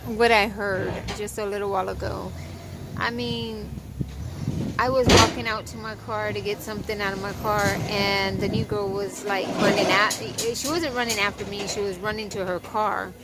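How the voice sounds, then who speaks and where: A woman's voice: mid-range voice, steady tone, moderate pace, noisy background. A young woman chatting casually on her vlog, retelling workplace gossip in a ranting way. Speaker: vlogger. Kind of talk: casual chat.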